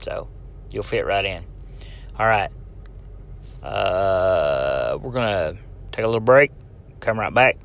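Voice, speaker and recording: A man's voice: deep voice, lively intonation, slow pace, gravelly, pauses often, a bit bright. A man from Tennessee, hosting a casual solo podcast in a rambling, joking way and talking straight to the listener. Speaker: podcast host.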